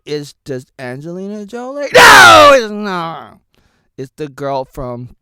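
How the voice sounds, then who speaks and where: Man in his 30s hosting a chaotic solo vlog, yells then mutters, bright gritty voice. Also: huge pitch swings, takes it slowly, creaky, no echo. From Oregon, United States. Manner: manic, jumps between shouting bursts and low mumbling. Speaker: vlogger host. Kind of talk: rambling solo vlog monologue.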